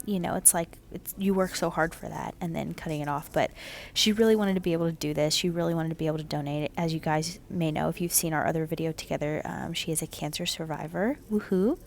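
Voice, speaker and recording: A woman casually narrating her home haircut video, chatty and relaxed, with lots of "um"s and "kinda"s. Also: low voice, fast, gravelly, a little hiss or hum.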